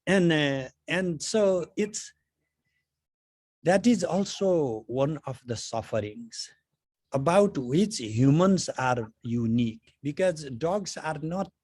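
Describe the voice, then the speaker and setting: A man's voice: fairly high pitch, lively intonation, takes it slowly, a little mellow, dry recording. A middle-aged man, a spiritual teacher, giving a conversational philosophy lecture full of anecdotes and "you know" fillers.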